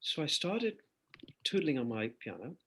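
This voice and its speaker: A man's voice: on the high side, sing-song, normal speed, fairly bright tone, slightly rough. An older man from Ireland, a guest musician in an interview, telling stories reflectively with hesitant fillers. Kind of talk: interview chat.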